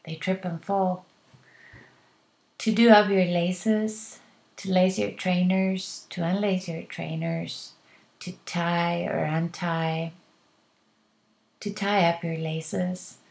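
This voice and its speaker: Woman teacher reading classroom phrases really slow and clear, one at a time. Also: fairly low pitch, level tone, darkish tone. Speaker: English teacher.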